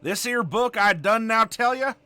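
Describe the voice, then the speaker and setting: A man's voice: very high voice, moderate pace, bright, forceful tone, no echo, voice pushed up, heavily acted. A man putting on a folksy backwoods country bumpkin with an exaggerated Southern US drawl, hammy and full of mangled grammar. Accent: exaggerated Southern US drawl, put on. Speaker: host doing a joke voice. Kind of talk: comic bit in a game-rules discussion.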